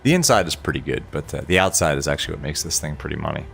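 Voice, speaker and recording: A man with a very low, gravelly voice that sounds croaky and under the weather. His delivery swings lively up and down as he chats on stream, chuckling and walking through switch checks. Faint music sits in the background. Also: rapid-fire. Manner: chatty, laughs often, narrates cockpit checks. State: sick, hoarse. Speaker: flight sim streamer. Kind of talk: casual live-stream chat.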